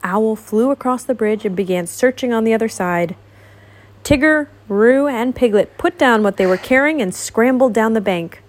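A woman reading a picture book aloud to a child, gentle and expressive, pausing to ask questions. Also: a little high. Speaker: storybook reader.

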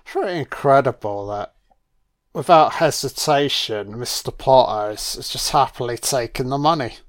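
Brief: a male film commentator, casual and profane, mid-pitched. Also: normal speed. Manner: blunt and profane, with frequent swearing.

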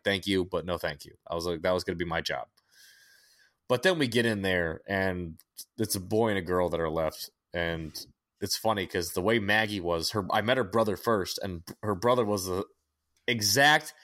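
A young adult man co-hosting a podcast tells a story in casual chat, profane and animated, restarting his sentences often. His voice is low and his speed is normal.

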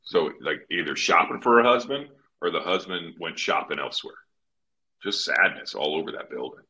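Animated, profane man spinning stories. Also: low voice, normal speed. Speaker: podcast co-host. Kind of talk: casual podcast banter.

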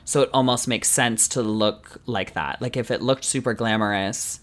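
Podcast co-host guy, animated and jokey, laughs a lot, casual chat, swears now and then. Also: fairly low pitch, moderate pace.

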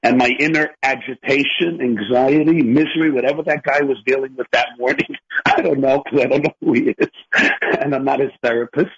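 Emphatic rabbi with a husky voice on radio. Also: male voice, mid-range voice, a little fast, fairly bright tone, highs cut off. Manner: emphatic, builds lists for effect. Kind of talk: radio talk, earnest explanation.

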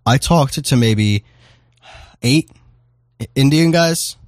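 A man's voice: medium pitch, drawn-out words, no echo, studio quality. A man hosting a podcast, telling a rambling, profane story in casual chat. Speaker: podcast host.

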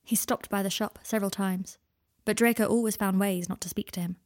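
A woman narrating fan fiction in a measured, intimate storytelling voice. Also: medium pitch, steady tone.

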